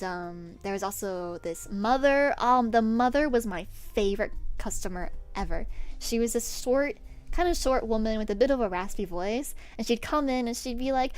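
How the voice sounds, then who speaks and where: A woman's voice: mid-range voice, clean tone. A young woman streaming from home, telling stories in a rambling, casual way, with restarts and lots of "like". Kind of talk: casual storytelling while painting her nails on stream.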